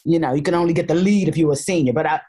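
A woman actress from North Carolina raised in Harlem, telling stories in a playful, animated way during a casual interview. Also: low-pitched, rapid-fire, husky. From North Carolina, raised in Harlem, New York. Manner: animated, playful storyteller who puts on voices. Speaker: actress guest.

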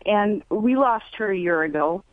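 A woman calling in to an advice show, talking haltingly and emotionally with many pauses. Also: medium pitch, lively intonation, slight background noise. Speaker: caller. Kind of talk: call-in conversation. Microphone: phone. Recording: phone line.

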